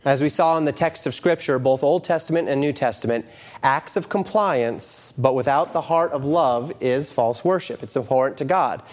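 A middle-aged male pastor preaching a sermon, moving from quoted scripture into lively storytelling. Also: mid-range voice, normal speed.

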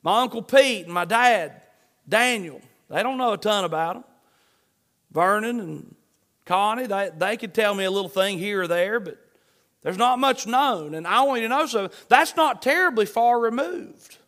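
A man's voice: high-pitched, animated, moderate pace, fairly bright tone. A male pastor preaching an online sermon in an earnest, emphatic way, repeating his refrains.

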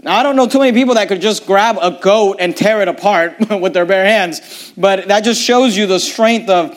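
A man's voice: high voice, moderate pace. A man preaching a sermon, reading scripture aloud and asking his listeners pointed rhetorical questions.

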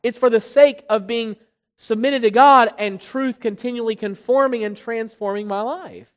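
A preacher giving an expository sermon, pressing hard on key words and then dropping low and quiet, often repeating phrases while building a point. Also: moderate pace. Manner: emphatic, swinging between loud stresses and quiet drops. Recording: long hall reverb.

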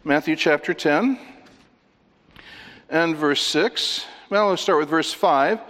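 A man's voice: on the high side, slow pace, fairly bright tone. A man preaching an expository sermon, emphatic as he walks listeners through scripture references. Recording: long reverb of a large hall.

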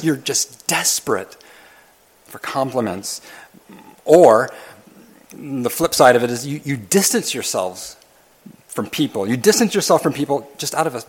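Earnest male pastor preaching. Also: mid-range voice. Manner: earnest, repetitive, emphatic with frequent restarts. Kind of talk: sermon.

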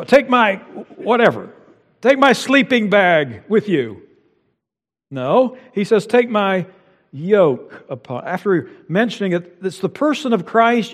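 A man preaching a sermon from the pulpit, his fairly high voice ringing with a long hall reverb. He builds to loud, lifted emphases and then falls back low and hushed. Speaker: pastor. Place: church sanctuary.

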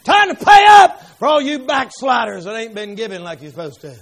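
A man pastor telling stories in a revival sermon, folksy and fervent, breaking into shouts. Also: extremely high pitch, sing-song, fairly quick, vocal fry. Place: church sanctuary.

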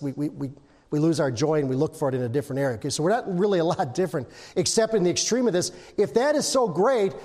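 Older preacher, high voice in a big hall. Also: male voice, a little mellow. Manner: conversational, asks the congregation questions, hums and sings snippets. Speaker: pastor. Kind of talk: informal sermon.

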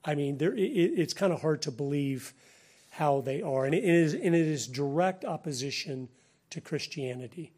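A middle-aged American man giving a conversational sermon-style talk, animated and laughing between points. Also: on the high side, normal speed.

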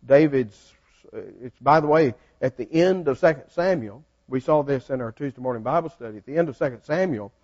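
A man's voice: mid-range voice, a little fast, darkish tone. A man leading a Bible study class in a folksy way, asking the group questions. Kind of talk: interactive Bible study teaching. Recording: dull lo-fi sound.

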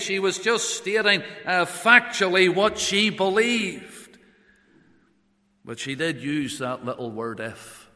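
A man preaching a sermon slowly and in a measured way, quoting Bible verses in old English. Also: high voice, sharp tone, big-room sound.

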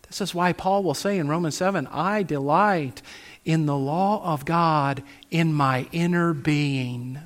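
Emphatic male preacher, slightly high voice. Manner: emphatic, asks rhetorical questions, slows on key phrases. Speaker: pastor. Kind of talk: sermon.

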